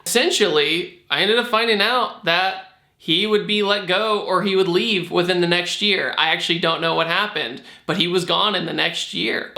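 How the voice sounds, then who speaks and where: A young man telling a storytime vlog, animated and acting out the people in it. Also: high-pitched. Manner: animated, acts out quotes. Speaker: vlogger. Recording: echoey room.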